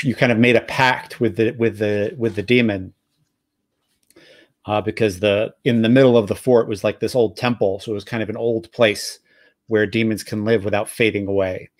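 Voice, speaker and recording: A man with a New Jersey accent, hosting a live tabletop game and recapping the story in a halting, self-correcting way with easy laughs. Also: on the low side, no room sound. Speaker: game master. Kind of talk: casual actual-play narration.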